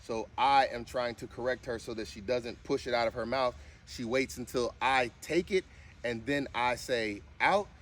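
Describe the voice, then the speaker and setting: A man's voice: fairly even intonation, normal speed, fairly bright tone. A man filming a casual vlog while training his service dog, mixing firm short commands with chatty explanations. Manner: firm short commands, with high sing-song cues.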